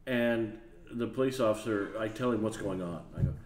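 A man's voice: fairly low pitch, moderate pace, roomy sound, slight background noise. A man telling a funny story, acting out the voices of the people in it. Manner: animated, acts out voices and laughs while telling. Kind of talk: casual storytelling.

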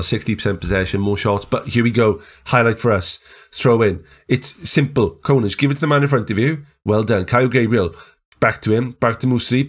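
A man commentating his own football management game, chatty and building to excited shouts at the screen. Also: medium pitch. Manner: excitable, yelling at the screen during big moments. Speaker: gaming YouTuber.

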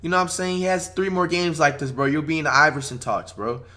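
A young man streaming his reactions to basketball highlights, loud and excitable, swearing and saying "bro" constantly. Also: quick pace. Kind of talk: hype reaction commentary.

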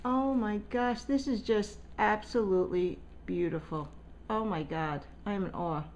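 A woman's voice: mid-range voice, measured pace, slight background noise, rough recording. A woman unboxing a swap package at home on a casual vlog, gushing and gasping with delight over each item. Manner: gushing, excitable, gasping often. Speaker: vlogger. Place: home, at a table.

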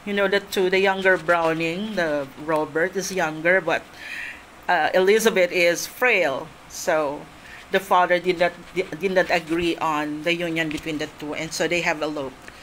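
A woman's voice: on the low side, steady tone, normal speed, a bit bright, slight background noise, rough recording. A woman from the Philippines giving a classroom lecture on poetry, explaining step by step and repeating her points, with frequent fillers.

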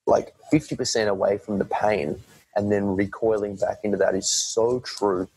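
A man's voice: lowish voice, steady tone, normal speed, a little mellow, husky, no echo, poor audio. A man talking as a podcast guest in a casual, rambling way, often restarting his sentences and swearing now and then. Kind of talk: casual conversation.

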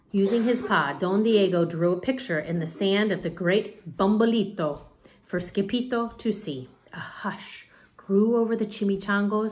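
Expressive woman reading a picture book. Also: medium pitch, a little hiss or hum. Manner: expressive, explains words. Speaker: teacher. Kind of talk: picture book read-aloud.

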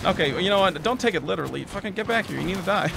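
A man streaming a game, commentating live with excitable, profane trash talk at the monster he fights. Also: high-pitched, very fast, gravelly. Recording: loud background noise.

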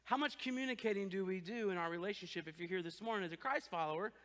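A pastor with a strikingly high, bright voice delivers a lively sermon in a church. He jokes and acts out everyday scenes, and his words ring with long reverb through the hall. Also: quick pace. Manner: animated, joking, acts out quoted voices.

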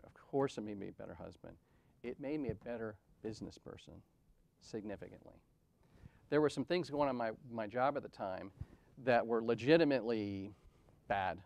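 A man's voice: fairly low pitch, vocal fry, a little mellow. Candid self-deprecating man in his forties. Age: 40s. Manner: self-deprecating and conversational, with frequent "right?" asides. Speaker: conference speaker. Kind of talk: candid storytelling talk. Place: event venue.

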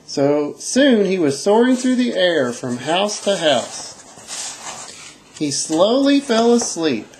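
Amateur storyteller, woman, lower voice, very expressive delivery. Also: takes it slowly, slight background noise, low-quality recording. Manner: playful, animated reading.

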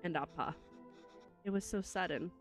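An earnest young adult son, weighed down by guilt and unsure of himself, read aloud by a woman from a story game. The voice sits fairly low and plain. There is a faint bed of game music behind it. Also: moderate pace, lightly acted. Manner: reads game dialogue aloud in a near-plain voice.

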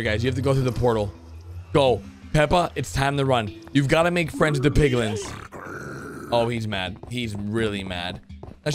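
A man giving excited reaction commentary to animated clips, blurting out reactions and cheering the characters on. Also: mid-range voice. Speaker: reaction video host. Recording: animation audio and music playing behind.

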